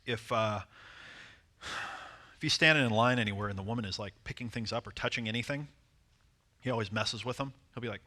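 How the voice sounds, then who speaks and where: A man coaching a seminar audience on dating, animated and acting out short bits of dialogue. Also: mid-range voice, brisk, pauses often. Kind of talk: seminar talk to a live audience.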